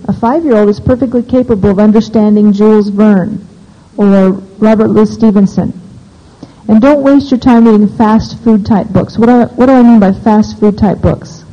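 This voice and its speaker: A woman's voice: mid-range voice, warm tone. A woman speaking to a live audience at a homeschooling seminar, opinionated and practical, often asking the listeners questions. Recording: dull lo-fi recording.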